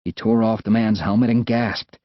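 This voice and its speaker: A man with an American accent narrating an adventure audiobook in a lively, expressive way. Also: on the low side, normal speed, no room sound. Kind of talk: scripted narration. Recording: dull, dry studio sound.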